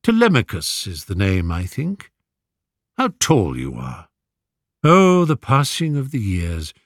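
A man voicing a gentle, soft-spoken old king. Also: lowish voice, wildly swooping pitch, no room sound, studio quality, exaggerated voice. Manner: soft, measured and kindly.

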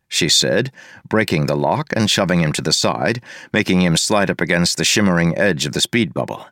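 An audiobook narrator with a very low voice reads an action story as scripted narration, brisk and lively. The recording is dry and close, with no echo or room around it.

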